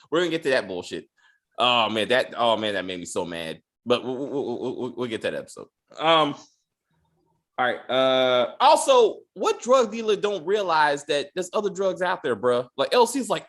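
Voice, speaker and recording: A man hosting a casual, profane TV review chat, animated and full of hesitations, mocking characters in squeaky voices. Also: moderate pace. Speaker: podcast host.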